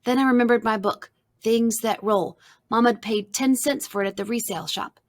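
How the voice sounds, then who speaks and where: A woman reading a children's storybook aloud, narrating softly and expressively in the first person. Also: a little high, normal speed, dry recording, clean studio sound.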